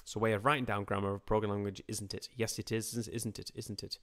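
A man teaching a live-streamed computer science revision lesson, chatty and informal, often asking and answering his own questions. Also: on the low side. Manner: lively, playful put-on voices and quick asides.

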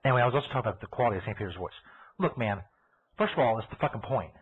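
A man's voice: lowish voice, expressive, very fast, background noise. A man hosting a live comedy radio show, rambling and profane as he chats in character, laughing at his own jokes. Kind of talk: rambling comic chat in character. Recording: tinny phone-like lo-fi audio.

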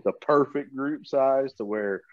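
A man who works as a hunting outfitter, talking casually on a podcast in a relaxed, plain-spoken way with many fillers. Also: medium pitch, unhurried, no room sound. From Kansas. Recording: dry, slightly dull podcast mic.

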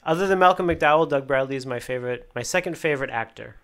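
A man in a casual podcast chat, telling an excited fan anecdote with many fillers and restarts. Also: medium pitch, fast. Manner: rambling, lots of "you know" fillers and restarts. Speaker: occasional podcast co-host.

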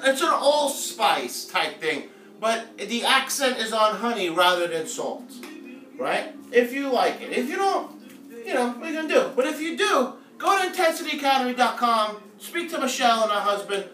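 A man hosts a live cooking stream from his home kitchen, joking and chatting playfully with viewers as he cooks. His very high voice swings widely in pitch and sounds pushed and bright, at a moderate pace. The room echoes, the mic is distant, and music plays faintly.

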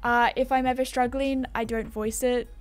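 A woman's voice: fairly high pitch, flat delivery, normal speed, faint music behind. A young Australian woman chatting casually as a gaming YouTuber, rambling and self-deprecating as she answers viewer comments.

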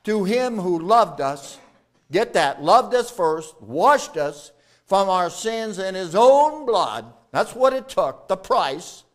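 A male pastor preaching a sermon, calling for replies from the congregation and swinging between loud emphatic lines and quiet low ones. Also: sing-song, takes it slowly.

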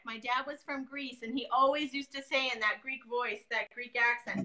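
A woman's voice: sits high, moderate pace, hardly any pauses, pushed and bright, low-quality recording. A woman in her thirties, a guest painter chatting casually on a live demo, joking and telling stories. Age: 30s.

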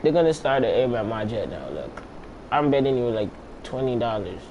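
A young man talks his way through a game session in loose, slang-heavy, swearing chatter, half to himself. His voice sits in an ordinary middle pitch. A faint hiss runs underneath the recording. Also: sing-song, moderate pace, darkish tone, muffled recording. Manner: slangy, profane, talks to himself while playing. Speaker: gameplay commentator. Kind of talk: casual gameplay commentary.

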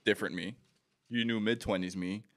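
A man's voice: lowish voice, steady tone, dry recording, studio quality. A young man co-hosting a casual comedy podcast, teasing his friend. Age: young adult. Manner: fast, teasing banter.

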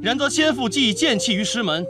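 An actor playing a composed, defiant young swordsman, speaking in a measured, formal and cutting way in a period martial-arts drama. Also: very high-pitched, expressive. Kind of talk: period wuxia drama dialogue. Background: drama score music.

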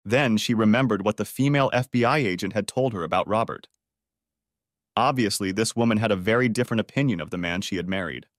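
A man narrating a story audiobook in an even, measured reading. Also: on the low side, dry recording, studio quality. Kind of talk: scripted narration.

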